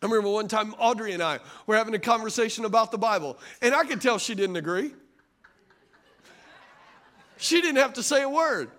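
A man in middle age delivers a sermon as pastor. His voice sits unusually high for a man. He preaches in a lively, conversational way, often turning to the congregation with asides. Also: fairly quick, pauses often.

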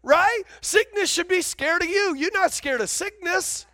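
A man with a strikingly high voice preaching an animated sermon. He keeps stopping to call out to the congregation for a response. The sound is dry and close. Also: measured pace, no room sound. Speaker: pastor.

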